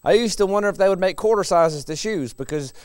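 Man, middle-aged, preacher, sermon, high smooth voice, dry close sound. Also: expressive, quick pace, no echo. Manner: conversational, chuckles between points.

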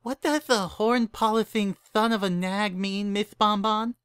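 A man's voice: high voice, fairly even intonation, a little slow, a bit bright, clear, resonant tone, dry recording, clean studio sound, voice pushed up. A man voicing a young lisping filly, an innocent candy shop assistant, in a dramatic story reading. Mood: curious. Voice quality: lisp.

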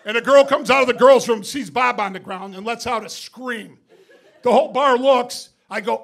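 A man's voice: very high-pitched, normal speed, vocal fry, bright, forceful tone, some chatter behind. A male stand-up comedian telling a profane story on stage in a comedy club, laughing through his punchlines. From Binghamton, New York.

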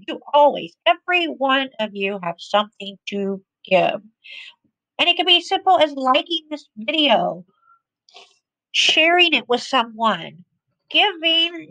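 A woman's voice: on the high side, pushed and bright, dry recording, poor audio. A woman spiritual teacher giving a conversational inspirational talk, often repeating phrases for emphasis.

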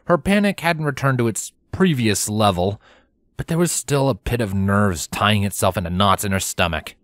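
A man reading fanfiction aloud in steady storytelling narration. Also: fairly low pitch, moderate pace, no echo. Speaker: fanfiction reader. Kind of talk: scripted narration.

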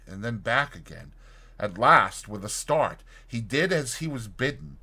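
A man reading a short story aloud as audiobook narrator, in a dramatic and expressive scripted narration. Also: mid-range voice.

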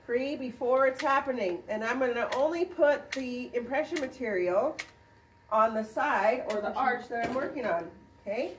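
A woman, a dental instructor, demonstrating a procedure to a class and quizzing students with quick questions. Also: fairly high pitch, far from the mic, slight background noise. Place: clinic classroom. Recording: roomy sound from off-mic.

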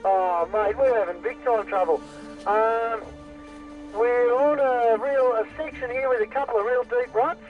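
A man's voice: very high-pitched, a little slow, phone-quality sound, soft background music. An Australian man talking on a two-way radio in a friendly, matey way.

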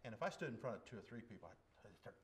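A man telling his conversion story in church as a lay preacher, folksy and plain, dropping to a hush and then bursting out loud. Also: lowish voice, expressive, very fast. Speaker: lay preacher giving testimony. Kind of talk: testimony sermon. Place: church service.

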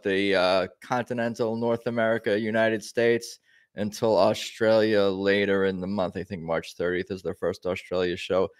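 A man with a lowish voice opens his fan podcast in a loose, rambling way, full of ums and restarts. The sound is dry and close, with no room around it. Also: clear, resonant tone, no room sound. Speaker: podcast host. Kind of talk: casual podcast intro.

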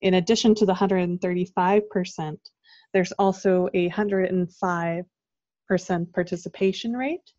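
A woman, a guest advisor, calmly explaining financial products. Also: lowish voice, moderate pace, no echo. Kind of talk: casual explanatory chat. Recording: dull lo-fi sound.

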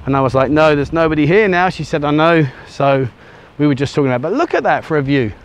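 Chatty man, slightly high voice. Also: expressive, quick pace, clear, resonant tone. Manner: rambling, chatty, many ums and uhs. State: out of breath from walking on sand. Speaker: travel vlogger. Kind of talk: casual walking vlog to camera. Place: outdoors on a sunny beach. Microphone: handheld camera he turns around.

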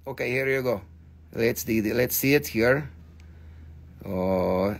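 An American man hosting a casual live sales stream of crystals, animated and swearing, slipping into silly voices. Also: mid-range voice, normal speed, creaky. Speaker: live-sale host.

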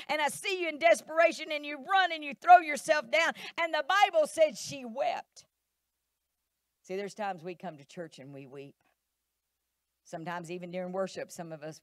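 A woman's voice: fairly high pitch, no echo, clean studio sound. A middle-aged woman pastor, preaching animatedly in church and acting out voices. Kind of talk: sermon.

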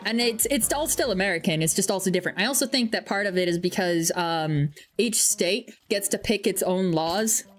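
A woman's voice: mid-range voice, normal speed, few pauses, soft background music. A woman streamer chatting casually on a livestream, rambling and teasing playfully.

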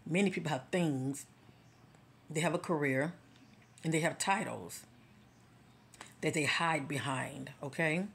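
A woman with a very low, gravelly voice talks straight to her followers in a casual spiritual encouragement vlog. She speaks directly and conversationally with a preacher's cadence, often checking in with the listener as she goes. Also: a little slow, pauses often, a little hiss or hum. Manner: direct, conversational, preacher-like, often asks "okay?" and "you know". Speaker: spiritual vlogger.

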